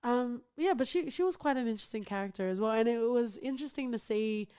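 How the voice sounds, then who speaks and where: A woman's voice: on the high side, quick pace, a little mellow, clear, resonant tone. A woman co-hosting a podcast in casual chat, talking with lots of fillers and small laughs. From outside the United States. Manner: chatty, many fillers and giggles. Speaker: podcast co-host.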